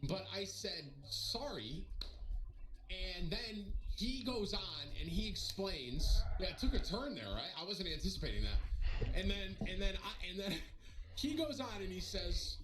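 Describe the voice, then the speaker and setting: A young man streaming, casually telling a story to his viewers in an animated, joking way, often restarting and talking to the chat. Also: high voice, moderate pace, noisy background. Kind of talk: casual storytelling to a live audience.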